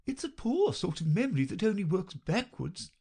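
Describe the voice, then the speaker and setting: A woman reading an audiobook, voicing a flustered, untidy, melancholy queen in a high, plaintive voice. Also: sing-song, normal speed, dark tone, slightly rough.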